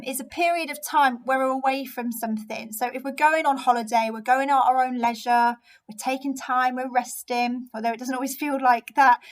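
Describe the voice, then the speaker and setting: A woman teacher with a high, light voice records a remote lesson. She goes through each answer slowly and steadily, in an encouraging tone. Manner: encouraging, explains step by step. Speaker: primary school teacher.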